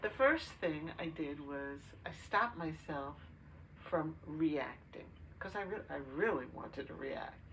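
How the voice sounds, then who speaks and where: A woman's voice: deep voice, animated. Older lady podcast host, lots of uhs, faint hiss in the background. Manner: storytelling with many pauses and fillers. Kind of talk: casual chat. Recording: distant mic with faint noise.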